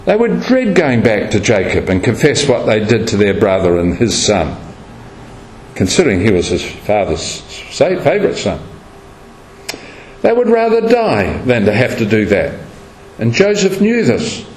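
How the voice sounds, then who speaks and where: A man's voice: lowish voice, huge pitch swings, a little slow, a little mellow, slight background noise. A man preaching a sermon and closing with a prayer, acting out the quoted speech as he tells the story. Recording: echoey room, faint ambience.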